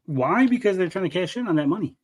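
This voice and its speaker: A man's voice: high-pitched, animated, quick pace. Man, casual podcast co-host, blunt jokey delivery. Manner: laid-back, joking, blunt. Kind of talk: casual chat.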